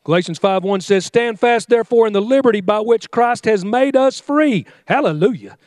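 A man's voice: high-pitched, animated, normal speed, a little mellow, dry recording, studio quality. A male pastor preaching a fiery sermon, exhorting his congregation with call-and-response commands.

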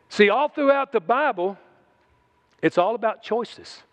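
A man's voice: extremely high pitch, lively intonation, unhurried, long pauses. A man preaching a sermon in a folksy, conversational way, mixing in humor.

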